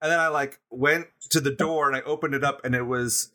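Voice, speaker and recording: A man spins a rambling road story over a video chat, stopping to laugh and restart his sentences. His voice is bright and forceful, and it sits at a middle pitch. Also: fairly even intonation, fairly quick. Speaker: guest drummer. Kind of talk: casual storytelling.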